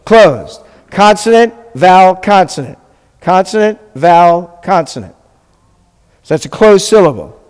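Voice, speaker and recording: A man with a high voice teaches a live class, speaking slowly as he drills sounds with his students. He throws in joking asides as he goes. His voice rings with the long reverb of a hall. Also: lively intonation, a little mellow, smooth. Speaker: rabbi teaching a Hebrew class. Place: congregation classroom.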